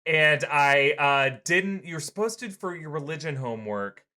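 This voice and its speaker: A man's voice: a little high, animated, measured pace, pushed and bright. A man hosting a casual chat, telling a story in a chatty, wry, joking way.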